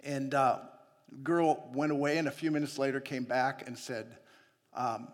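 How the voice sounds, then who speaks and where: A man's voice: medium pitch, fairly even intonation, normal speed. A man preaching a sermon that tells stories from his own life, chatty and often laughing between lines. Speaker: missionary preacher. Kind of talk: sermon with personal storytelling. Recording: long hall reverb.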